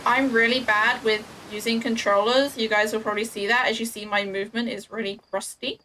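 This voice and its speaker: A woman's voice: on the high side, steady tone, brisk, sharp tone, slight background noise. Chatty young woman streaming a game. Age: young adult. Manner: chatty, self-mocking, talks to herself and chat while playing. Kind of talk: casual gameplay commentary.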